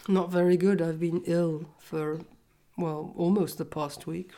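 A woman's voice: on the low side, little pitch movement, a little slow, warm tone. A woman co-hosting a casual chat podcast while congested from a cold, chatty and self-mocking. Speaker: podcast co-host.

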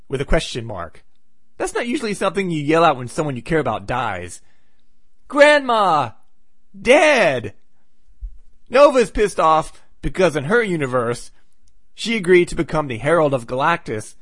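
Sarcastic guy recapping comics on his podcast, kinda high voice, dry close mic. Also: a bit bright, dry recording. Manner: sarcastic, wry asides. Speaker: podcast host. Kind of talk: casual comic book recap.

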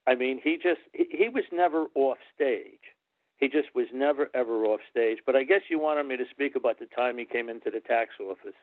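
A former wrestling referee tells stories as an interview guest, animatedly acting out the people he quotes. His medium-pitched voice moves a little fast, heard over a dry, tinny phone-like line with no echo.

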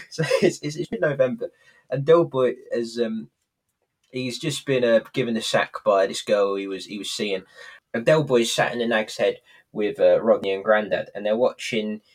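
A man's voice: medium pitch, unhurried. A man co-hosting a podcast, rambling through a recap with lots of ums and self-mocking laughs. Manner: rambling, hesitant, laughs at himself. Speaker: podcast co-host. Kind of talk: casual chat.

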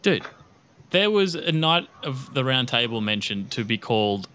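A man's voice: mid-range voice, big pitch swings, normal speed, pushed and bright, a little hiss or hum. A man co-hosting a casual podcast chat, rambling and looking things up as he talks. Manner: rambling, looks things up aloud. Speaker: podcast co-host.

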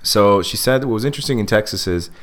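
Deep-voiced man telling a story. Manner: animated storyteller, acts out quoted people; halting, many fillers and restarts. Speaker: podcast host. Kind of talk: casual chat.

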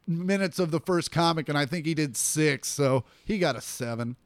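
Animated man telling stories, fairly high voice. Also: moderate pace, heavy background noise. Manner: animated storyteller acting out quotes. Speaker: comedian and podcast co-host. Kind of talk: casual storytelling chat.

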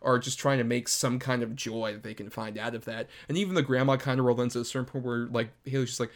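A man's voice: medium pitch, quick pace, hardly any pauses. A man from Florida chatting casually about a film, loose and rambling, full of "like" and casual swearing. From Florida, USA.

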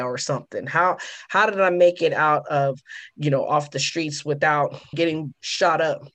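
A woman recounting her past in an interview, telling it with emphasis and acting out both sides of the dialogue. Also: low voice. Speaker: guest. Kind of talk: personal testimony in an interview.

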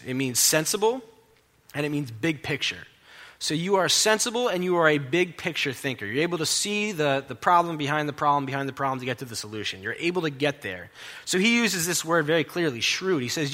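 A male pastor preaching in a chatty, emphatic way, his voice bright and forceful. A long reverb trails each phrase, as if in a big church hall. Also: fairly high pitch. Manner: conversational, emphatic storytelling preacher. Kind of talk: sermon. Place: church in New York City.

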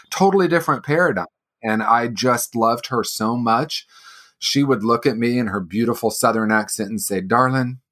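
Guest voice: earnest man in his sixties, slightly low pitch, reflective. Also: a bit bright. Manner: earnest, personal, with light laughs. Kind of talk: reflective interview answers.

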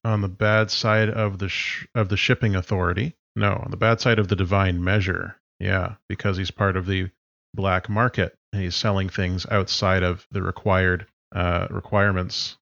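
A man acting as game master, explaining rules and setting up a tabletop game in a relaxed way. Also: deep voice, moderate pace, creaky, no room sound, dull audio.

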